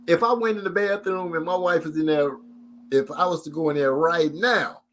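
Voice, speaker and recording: A man's voice: moderate pace, slight background noise. A middle-aged man telling funny stories in casual chat, his voice jumping up when he quotes people. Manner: animated storyteller, jumps high for quoted voices.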